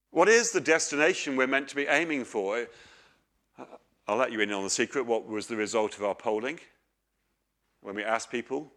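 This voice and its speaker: A man's voice: medium pitch, fairly bright tone. A middle-aged man preaching a sermon, earnest and questioning, with homely stories.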